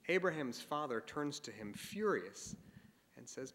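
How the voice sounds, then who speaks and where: A man speaking at an interfaith symposium, telling a religious story in a dramatic, animated way. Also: medium pitch, measured pace, in a large hall. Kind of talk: storytelling speech.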